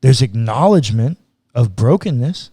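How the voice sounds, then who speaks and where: A pastor talks through scripture on a podcast, casual and earnest, sometimes slipping into acted lines as if God were speaking. His medium-pitched voice is animated and dark, slightly rough, at a normal speed. The recording is dry.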